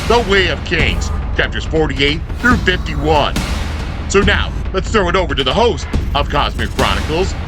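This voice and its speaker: A man voicing a slightly buzzed male show announcer, loud and drawn out. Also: on the high side.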